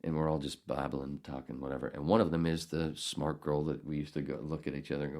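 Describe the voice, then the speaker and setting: A middle-aged podcast host tells a story in a casual, profane, animated way, with bursts of outrage. He has a bass voice and talks fast.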